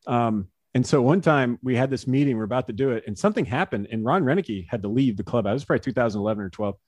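A man's voice: mid-range voice, lively intonation, racing, darkish tone, no echo. Chatty laughing man telling stories. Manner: chatty, laughs often, many fillers. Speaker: guest, former pro baseball pitcher. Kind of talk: casual storytelling in an interview.

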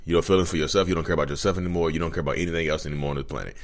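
A man's voice: a bass voice, steady tone, rapid-fire. A man hosting his own channel, talking casually to viewers, chatty with frequent restarts. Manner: restarts often, chatty, addresses viewers as y'all. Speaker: podcast host. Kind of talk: casual talk to camera.

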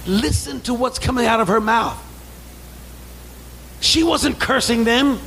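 Male pastor, high gravelly voice, call-and-response sermon, faint hiss behind. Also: normal speed, long pauses, rough recording. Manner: preaching with call-and-response, building to shouts; acts out quoted voices in asides. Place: church sanctuary.

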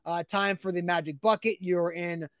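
A man's voice: high-pitched, steady tone, normal speed, fairly bright tone, no echo, studio quality. A man co-hosting a casual morning sports show, talking in a loose, rambling way and laughing readily. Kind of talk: casual sports radio chat.

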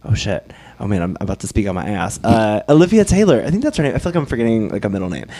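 A man co-hosting a podcast in casual chat, animated and quick to laugh, swearing freely. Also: fairly low pitch. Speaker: podcast co-host.

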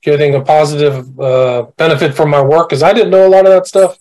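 A man's voice: fairly high pitch, fairly even intonation, a little fast, a little mellow. Thoughtful man as podcast guest. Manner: thoughtful, hesitant. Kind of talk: casual interview answers.

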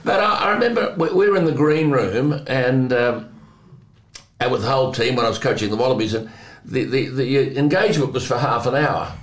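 An older man hosts a talk show and tells his anecdotes at an easy, chatty pace. He chuckles often and drops quick asides as he goes. The sound is roomy and echoey. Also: mid-range voice. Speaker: host. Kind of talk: conversational storytelling.

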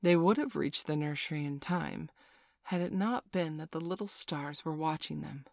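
A woman narrates a children's story aloud in a low, steady voice. Her telling is measured and gently playful, with little room sound around it. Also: gravelly, dry recording, clean studio sound.

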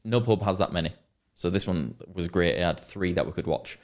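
A man's voice: sits low, fairly quick. A young man telling a rambling, sweary story in casual chat as a podcast co-host.

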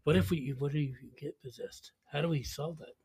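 A man's voice: a little high, steady tone, a little fast, a little mellow, breathy edge. A man joining a spirit board session, asking teasing, jokey questions in casual banter. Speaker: session participant.

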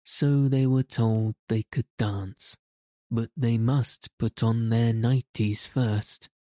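Slow, mellow male storyteller. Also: mid-range voice, fairly even intonation, no room sound, studio quality. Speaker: narrator. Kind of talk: scripted storybook narration.

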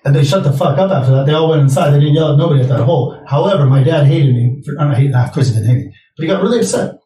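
A young man co-hosts a casual podcast, rambling through stories at a rapid clip and swearing freely. His voice sits a touch high but sounds mellow and dark. He is heard from a little off the mic in an echoey room. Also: recorded from a distance. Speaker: podcast co-host. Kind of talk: casual chat.

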